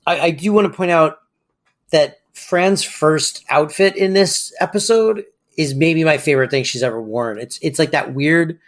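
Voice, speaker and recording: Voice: mid-range voice, normal speed. Dry-witted podcast co-host. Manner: dry, sardonic asides. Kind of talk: casual chat.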